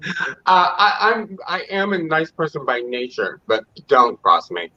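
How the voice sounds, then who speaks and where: A male guest talks frankly and graciously over a video call. His mid-range voice sounds bright, and the call audio has a dull, lo-fi quality. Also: fairly high pitch, sing-song, measured pace. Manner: gracious and candid. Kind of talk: casual video-call chat.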